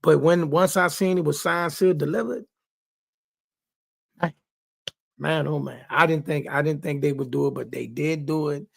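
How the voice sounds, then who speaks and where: Speaking at a normal speed with frequent pauses, this sports talk host has a slightly high voice with vocal fry. He talks boxing in a casual, emphatic way, addressing listeners directly and saying things twice to drive points home.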